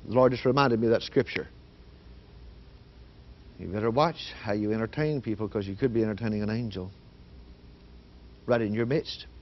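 A man telling an emotional personal testimony, shifting from hushed storytelling to loud, fervent prayer. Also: fairly low pitch. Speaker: guest giving testimony. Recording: dull lo-fi 1980s broadcast audio.

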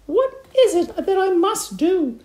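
A man reading a storybook aloud, voicing a nasty old woman with high, shrill, panicky cries. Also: sing-song, takes it slowly, darkish tone, roomy sound, heavily acted. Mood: terrified.

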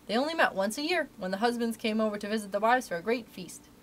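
A woman's voice: a little high, animated, quick pace, a little hiss or hum, lightly acted. A woman reading aloud, voicing a chatty, folksy male cat's-meat seller who talks in a rustic way. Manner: folksy rustic talk, dropped letters. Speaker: library story reader.

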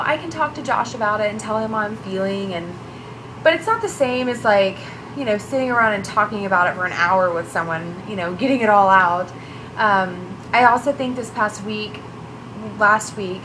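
A young woman talking through her feelings in a personal vlog, halting and emotional, with many fillers and restarts. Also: medium pitch, noisy background. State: tearful. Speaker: vlogger.

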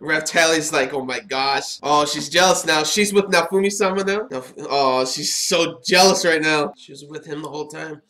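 A man giving casual, excitable reaction commentary while watching an anime, chatting and laughing as he goes. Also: on the high side, normal speed, few pauses.

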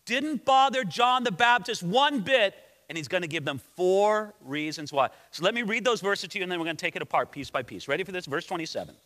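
A man's voice: high voice, expressive, fairly quick, a bit bright. A male pastor preaching an expository sermon, conversational and storytelling in manner. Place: church sanctuary. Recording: echoey church sanctuary.

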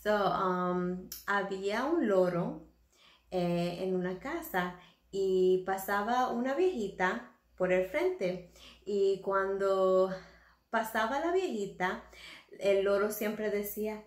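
A woman's voice: mid-range voice, expressive, slow, reverberant. A woman hosting her own channel, chatting casually and rambling with lots of fillers. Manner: rambling, many fillers, laughs at own jokes. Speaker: channel host. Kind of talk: casual vlog chat.

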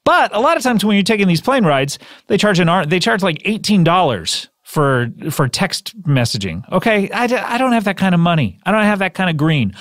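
Lively jokey man hosting a podcast. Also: sits high, dry recording, clean studio sound. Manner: rambling, jokey, self-interrupting. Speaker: podcast host. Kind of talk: improvised ad read and hosting.

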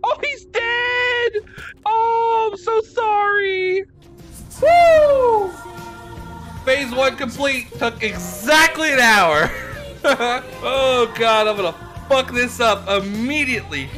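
A young woman streaming games live on a headset mic, excitable, laughing often and swearing freely. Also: high voice, slow pace, soft background music. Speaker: game streamer. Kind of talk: live gameplay commentary.

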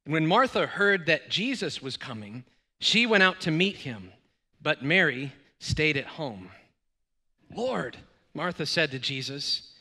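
A bright, fairly high-voiced middle-aged man preaches a sermon from a church stage. He tells stories in a relaxed way, full of little fillers and acted-out dialogue. His voice rings out with the long reverb of the church hall. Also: measured pace. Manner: warm storytelling with many fillers and quoted dialogue. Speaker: guest pastor. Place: church sanctuary.

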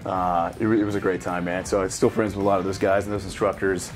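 A man's voice: deep voice, level tone, fast talker, soft background music. A man in his thirties, a military veteran, telling loose, profanity-heavy stories in casual reaction chat. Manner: profane, swears constantly, loose storytelling. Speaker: special operations veteran reacting to a game.

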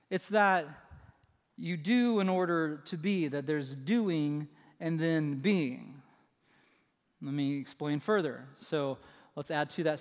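Conversational pastor preaching in a reverberant hall. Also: male voice, a little high. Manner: conversational, asks "right?" often, restarts phrases. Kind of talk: sermon. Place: church sanctuary.

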